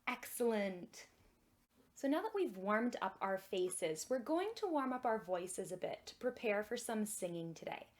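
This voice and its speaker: A young woman leading a children's music and magic lesson in a gentle, encouraging way that is exaggerated for kids. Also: medium pitch, big pitch swings, unhurried.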